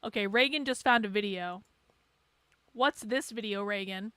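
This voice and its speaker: A woman's voice: medium pitch, normal speed, fairly bright tone, clear, resonant tone, no room sound. A woman hosting a livestream, commenting sarcastically and casually while she plays a video for viewers. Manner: sarcastic, interrupting, laughing. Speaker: livestream host.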